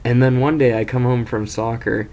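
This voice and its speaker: A man's voice: medium pitch, steady tone, normal speed, a little mellow. A young man casually telling an embarrassing story as host of his own video series, rambling, self-mocking and swearing freely.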